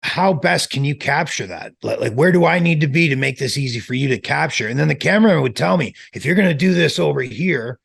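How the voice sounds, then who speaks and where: A middle-aged man, a former wrestler, telling relaxed, rambling stories in an interview. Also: a little high, a little fast, creaky, few pauses, husky. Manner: relaxed, rambling, many restarts. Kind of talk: casual storytelling.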